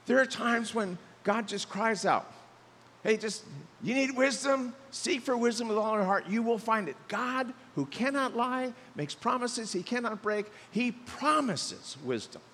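A middle-aged male pastor preaching a sermon in a lively way, acting out the voices he quotes. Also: fairly high pitch, in a large hall, a little hiss or hum.

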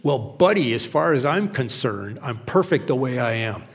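A man's voice: medium pitch, expressive, moderate pace, creaky, long reverb tail. A man voicing a cocky, defensive cartoon boy. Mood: indignant.

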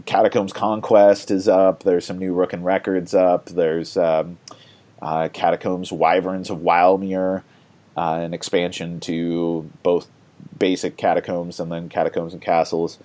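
A man's voice: low voice, flat delivery, unhurried, a little mellow. A man hosting a board game podcast, chatting casually and rambling with many fillers and laughs.

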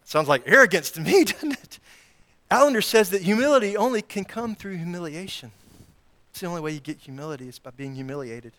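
Animated preacher, higher-pitched man. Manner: animated, acts out the voices of Jesus and Peter; asks the congregation repeated rhetorical questions. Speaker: pastor. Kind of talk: sermon.

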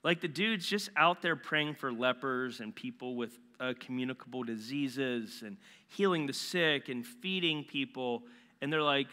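A man preaching a sermon as a pastor in a casual, animated way, full of slangy asides. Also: medium pitch, measured pace, clean tone. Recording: long reverb in a large hall.

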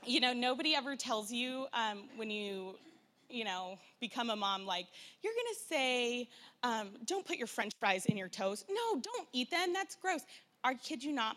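A woman in her thirties sharing a personal Mother's Day talk at a church event, chatty and animated with lots of fillers. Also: medium pitch. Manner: chatty, frequent fillers, animated retelling with playful impressions.

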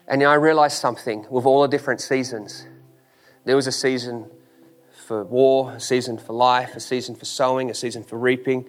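Speaking at normal speed with a steady tone and medium pitch, a pastor preaches with emphatic repetition, rhetorical questions, and casual wording. His manner is informal, and he drops into "ain't."

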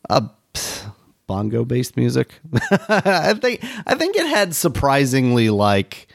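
A man's voice: medium pitch, wildly swooping pitch, slow pace, vocal fry. A man in his thirties co-hosting a podcast, laid-back and dry in casual chat, chuckling often. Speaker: podcast co-host.

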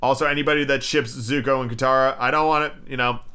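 A man's voice: mid-range voice, fairly even intonation, fast, bright, forceful tone, clear, resonant tone. A man giving a casual, rambling show review, swearing often and filling his talk with "like.". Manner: profane, filler-heavy, frequent "like".

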